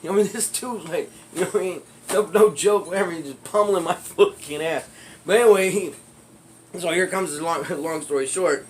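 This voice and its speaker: A man in a casual vlog, telling a story from his youth in a rambling, loose way. He swears freely and laughs often, in a slightly high voice. Faint background noise runs under him. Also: a little fast.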